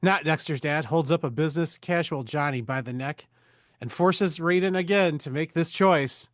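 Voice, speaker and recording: A man with a fairly high voice recaps a movie plot for his podcast, casual and crude. His irreverent jokes keep the telling loose. The sound is close and dry. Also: normal speed, no room sound.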